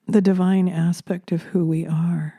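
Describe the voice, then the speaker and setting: A woman speaks slowly and softly into a close microphone, drifting through a reflective spiritual monologue full of pauses and ums. Her voice is very dark and mellow, a little low in pitch, and the sound is dry and close. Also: level tone, breathy edge, dry recording. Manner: soft-spoken, drifting into whispers, hesitant fillers. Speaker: spiritual channeler and podcaster.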